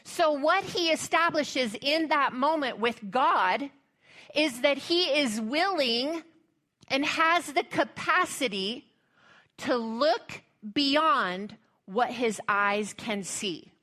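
A woman pastor delivers a sermon, moving between casual, humorous asides and scripture reading. Her voice sits a little high and sounds bright and forceful. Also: animated, slow pace.

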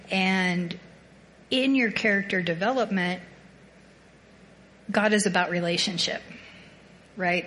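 A woman's voice: medium pitch, fairly bright tone, slight background noise. Rambling, self-deprecating woman sharing faith. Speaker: small group participant sharing a reflection.

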